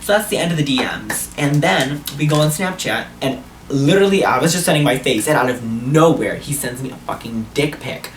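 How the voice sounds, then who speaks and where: A man's voice: mid-range voice, lively intonation, a little fast, roomy sound, recorded from a distance, a little hiss or hum. A young man vlogging a storytime, casual and blunt, swearing freely, recorded on a camera mic. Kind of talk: storytime vlog.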